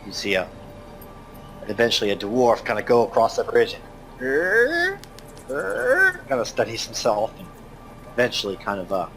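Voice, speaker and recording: A man's voice: on the low side, pushed and bright. A man narrating a tabletop game as game master, hesitant and full of fillers. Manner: hesitant, filler-heavy, lots of "kinda".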